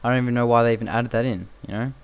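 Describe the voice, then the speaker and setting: A man's voice: mid-range voice, steady tone, very fast, creaky, clear, resonant tone. A young man giving casual, rambling game commentary full of fillers and repeated phrases. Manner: rambling and repetitive, with frequent fillers. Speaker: gameplay commentator.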